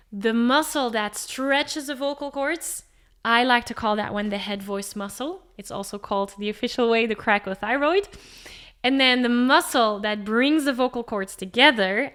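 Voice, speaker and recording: A woman singing teacher explaining vocal anatomy to the camera, emphatic and animated, asking rhetorical questions. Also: on the high side, smooth.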